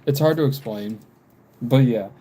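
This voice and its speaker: A man's voice: mid-range voice, slow pace, warm tone. A man in his twenties from America, chatting casually and rambling while he doodles on a livestream. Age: 20s. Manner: rambling, repeats himself, frequent ums. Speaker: livestream drawing vlogger. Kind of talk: casual chat while drawing.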